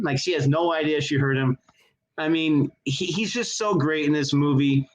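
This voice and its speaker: A man's voice: on the high side, normal speed, poor audio. A man in his thirties co-hosting a casual movie review chat, gushing with enthusiasm. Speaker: co-host of a movie review show. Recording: connection issues on the audio.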